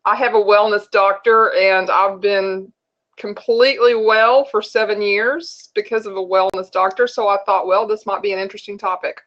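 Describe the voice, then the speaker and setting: A woman's voice: medium pitch, steady tone, moderate pace, fairly bright tone. A woman from northern Texas with a Texan accent, a guest in a casual video-call chat, easygoing and chatty. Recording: dull lo-fi call audio.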